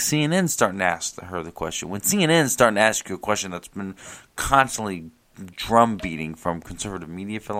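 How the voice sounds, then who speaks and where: A man's voice: lowish voice, a bit bright. A man giving an opinionated solo political commentary, sarcastic and rambling with frequent restarts. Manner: sarcastic, mocking impressions. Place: South Carolina.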